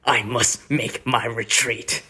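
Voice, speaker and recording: A man doing a voice impression of a sinister male villain, speaking in a hushed whisper. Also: mid-range voice, steady tone, slow pace, husky, heavily acted. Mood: grim.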